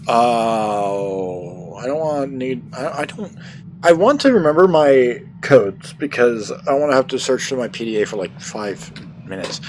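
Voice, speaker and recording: A man chatting through a game session, thinking aloud and laughing often. His voice swings widely in pitch as he reacts. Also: a little hiss or hum. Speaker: gamer. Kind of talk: let's play commentary.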